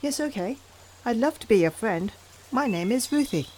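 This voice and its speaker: A man voicing a lonely little female rabbit in a storybook reading, soft and faltering, on the edge of tears. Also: extremely high pitch, animated, moderate pace, voice pushed up. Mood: shy. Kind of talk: storybook narration.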